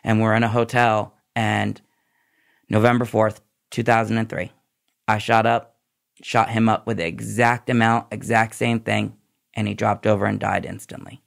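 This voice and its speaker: A lowish male voice with vocal fry and a flat delivery, at normal speed. The speaker, a former nurse appearing as a podcast guest, tells his recovery story candidly in a tumbling, run-on way.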